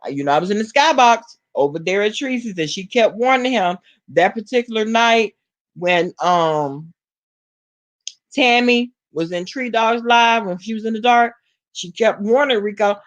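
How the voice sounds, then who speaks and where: A woman from Alabama with a Southern accent, chatting casually to her live-stream viewers and reading their comments, sassy and quick to laugh. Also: on the high side, animated, highs cut off. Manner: sassy, talks straight to chat, laughs often. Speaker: vlogger reading live chat.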